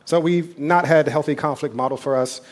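Man, pastor, sermon, conversational preaching, a little high-pitched. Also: fairly even intonation, a little fast. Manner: conversational preaching with asides and quoted voices.

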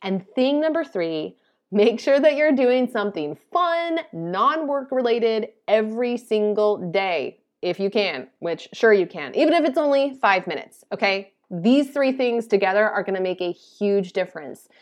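A woman's voice: mid-range voice, expressive, unhurried. A woman hosting her own podcast alone, chatty and upbeat in an easy, casual way. She sounds tired after too little sleep but keeps the energy up. She laughs at her own stumbles. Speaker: podcast host. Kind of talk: casual solo podcast talk.

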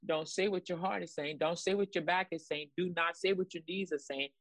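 Low-voiced woman preaching with emphasis. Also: steady tone, fairly quick, a little hiss or hum. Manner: emphatic and repetitive, urging listeners; exclamatory praise. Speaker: ministry co-host. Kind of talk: preaching commentary.

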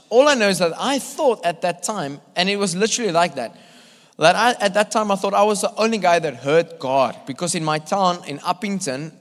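A male evangelist from South Africa telling animated, laugh-filled stories in a sermon at church. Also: sits high. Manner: animated, acts out voices, laughs often. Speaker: visiting evangelist. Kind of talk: storytelling sermon. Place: church hall. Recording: long church hall reverb.

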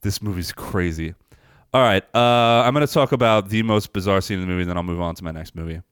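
A man co-hosting a podcast, casually recapping a movie scene and acting out the characters' lines in a higher voice. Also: quick pace, smooth, no room sound, studio quality. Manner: rambling storyteller, acts out lines in a higher voice. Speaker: podcast co-host.

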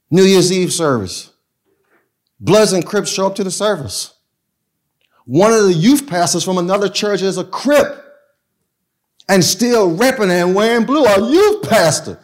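A man, a pastor telling stories in a casual, animated way that swings between loud and soft. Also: high-pitched, moderate pace. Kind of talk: storytelling talk.

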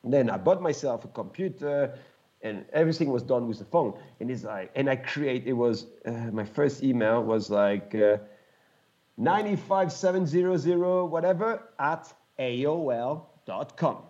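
A man's voice: medium pitch, moderate pace. French man telling stories, muffled sound. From France. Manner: animated, acts out voices in his stories, laughs often. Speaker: guest, former pro mountain biker. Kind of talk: casual storytelling.

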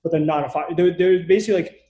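A man's voice: fairly high pitch, fairly even intonation, racing, dark tone. Rambling young man in an echoey room. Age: 20s. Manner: rambling, hesitant, many fillers. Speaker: podcast co-host. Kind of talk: casual chat. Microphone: computer mic, remote call.

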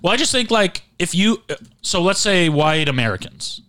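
A man's voice: high-pitched, expressive, normal speed, pushed and bright. A man co-hosting a podcast, riffing and joking in casual comedic banter into a studio microphone. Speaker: podcast co-host. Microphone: dry studio microphone.

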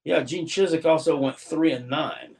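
A man's voice: fairly high pitch, normal speed, creaky, a little mellow, husky. A man co-hosting a casual sports talk show, with dry, sarcastic and profane remarks.

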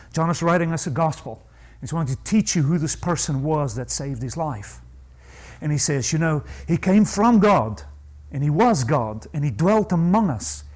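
A male preacher with a high voice that leaps up and down, delivering a sermon. He is emphatic and asks the congregation questions, dropping into low asides before climbing to ringing stresses. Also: rough recording.

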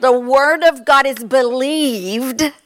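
A woman in her fifties from Kentucky with a Kentucky accent, preaching a fervent sermon with exclamations and drawn-out words. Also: high voice, fairly bright tone.

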